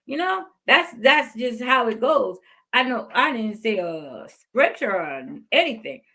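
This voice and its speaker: A woman's voice: on the high side, sing-song, measured pace, sharp tone. A woman in her fifties hosting a podcast, giving heartfelt motivational faith talk and repeating phrases for emphasis. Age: 50s. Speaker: podcast host.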